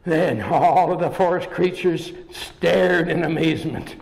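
A man narrating a children's story in the first person, playful and animated, with sound effects. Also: fairly high pitch, measured pace, gravelly, long reverb tail.

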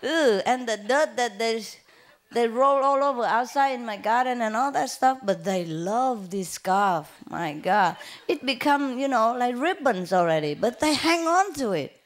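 Woman, spiritual teacher, slightly high voice, chatty, rambling, laughs a lot, informal talk. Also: animated, measured pace. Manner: chatty, laughs often while telling stories; rambling with frequent fillers and restarts. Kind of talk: informal lecture with personal anecdotes.

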